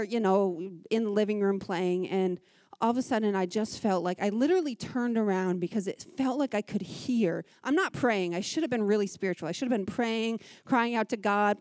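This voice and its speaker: A woman in her thirties giving a personal testimony at a church women's gathering, telling her story in an animated, conversational way with quick asides and an earnest, heartfelt tone. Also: medium pitch, no echo, studio quality.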